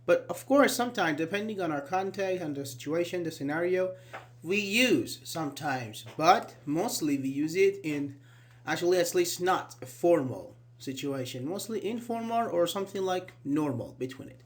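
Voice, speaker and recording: A man's voice: sits high, lively intonation. Man teaching a live grammar class. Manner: explains slowly, asks students questions, repeats key words; fillers like "actually" and "uh-huh". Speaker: English teacher.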